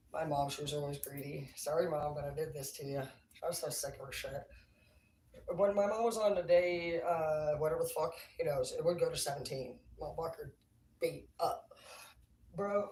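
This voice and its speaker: A woman's voice: low voice, fairly even intonation, moderate pace, a little mellow, slight background noise. A woman livestreaming, telling rambling stories in a casual, profane, laughing way. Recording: roomy, distant mic, faint ambience.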